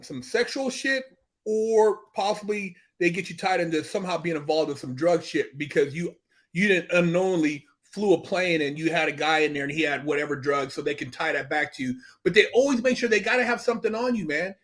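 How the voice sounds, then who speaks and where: A man talking as a podcast guest, telling animated, profane stories and acting out what others said. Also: high-pitched. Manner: animated storytelling, profane, acts out quoted dialogue. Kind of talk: casual podcast conversation.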